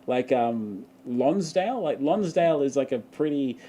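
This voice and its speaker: A man's voice: medium pitch, expressive, measured pace, dark tone, breathy edge. A young Australian man chatting casually on a livestream, telling a rambling story and laughing often. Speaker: vlogger.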